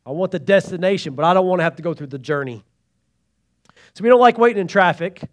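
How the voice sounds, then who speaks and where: A pastor with a notably high voice delivers a sermon. He swings between loud, pleading emphasis and hushed asides. He keeps calling out to the congregation for a response. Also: animated, quick pace. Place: church sanctuary.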